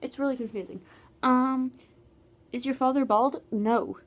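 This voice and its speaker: A woman's voice: high voice, steady tone, a little slow. A teenage girl from Canada, chatting casually in a Q&A vlog with many "like"s and trailing asides. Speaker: vlogger.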